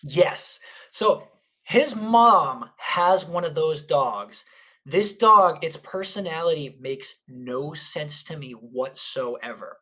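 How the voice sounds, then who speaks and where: Bright, forceful co-host; casual, rambling anecdotes. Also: mid-range voice, takes it slowly. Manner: rambling, animated storytelling. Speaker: podcast co-host. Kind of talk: casual chat.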